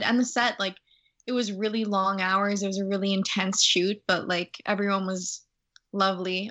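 A woman's voice: mid-range voice, fairly bright tone. A young woman, an actor, chatting breezily in an interview with plenty of "like" and "um". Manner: breezy, lots of "like" and "um". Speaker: actor guest. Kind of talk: casual interview chat.

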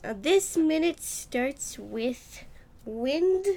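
A woman's voice: high-pitched, lively intonation, dark tone. A woman co-hosting a podcast in casual chat, giggling often between remarks. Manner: giggly, drawn-out delivery. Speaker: podcast co-host.

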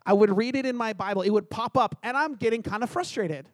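A man's voice: high voice, fast, no room sound, studio quality. A middle-aged man from Canada preaching a sermon, telling a personal story with humor and acting out the dialogue. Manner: animated, acts out dialogue, self-deprecating humor. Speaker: pastor.

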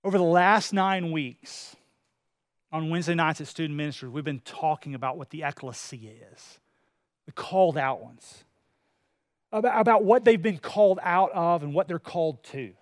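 High-voiced male preacher, dry close sound. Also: normal speed, no room sound. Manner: preaching with rising intensity, acting out quoted voices. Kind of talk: sermon.

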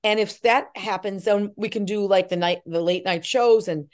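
A middle-aged actress in an interview, telling animated stories and acting out the voices of people she quotes. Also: mid-range voice, normal speed. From Irish Catholic family. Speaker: actress and filmmaker. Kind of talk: interview chat.

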